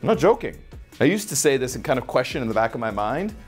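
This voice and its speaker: A man's voice: mid-range voice, very animated, fast talker, breathy edge, faint music behind. A man talking as a life coach on a podcast, blunt and profane, acting out little scenes as he makes his points. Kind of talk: motivational podcast talk.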